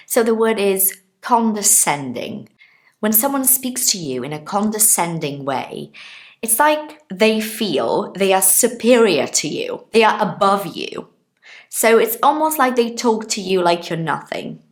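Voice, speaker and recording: A woman's voice: mid-range voice, sing-song, unhurried. A woman in her thirties giving a casual online English lesson, chatting to her viewers, explaining words with everyday examples and checking in with them. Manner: chatty, explains with examples, asks listeners questions. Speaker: English teacher.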